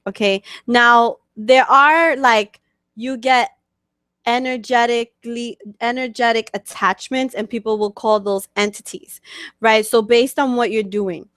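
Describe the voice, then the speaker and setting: A woman's voice: fairly high pitch, steady tone, measured pace, a bit bright, dry recording, studio quality. New York woman teaching in a chatty way. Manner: chatty, many fillers and "okay?" check-ins. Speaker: spiritual coach hosting a webcast. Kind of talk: casual teaching talk answering questions.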